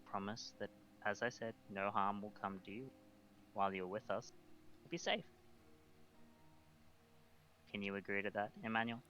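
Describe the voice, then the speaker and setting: A man voicing a poised, coolly polite female vampire who speaks softly with quiet menace, on a muffled lo-fi mic. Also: fairly low pitch, fast, hardly any pauses, natural voice. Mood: quietly firm. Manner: soft-spoken, courteous with quiet menace.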